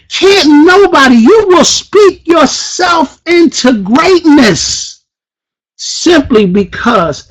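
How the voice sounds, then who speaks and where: A man giving a fiery motivational speech to an audience, preacher-like, firing repeated rhetorical questions and breaking into shouts. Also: very high voice, poor audio. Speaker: motivational speaker at a sales event.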